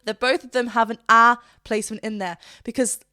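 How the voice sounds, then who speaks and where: Bright, lively woman vocal coach. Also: fairly high pitch, brisk, clear, resonant tone, dry recording, studio quality. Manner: chatty and animated, breaks into short sung demonstrations. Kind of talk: reaction video with vocal analysis.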